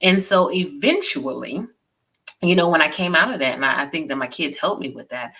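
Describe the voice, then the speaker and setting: A woman in her forties tells personal stories in a relaxed conversation. Her voice sits low but has a bright, forward edge. She talks earnestly and keeps checking in with "you know.". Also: fairly quick, husky. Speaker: guest. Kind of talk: casual chat.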